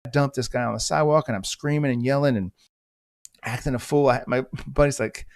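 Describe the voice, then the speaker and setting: A man's voice: medium pitch, steady tone, a little fast. Blunt, profane male podcast host. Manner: blunt, profane, intense storytelling. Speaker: podcast host, former police officer. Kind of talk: storytelling monologue.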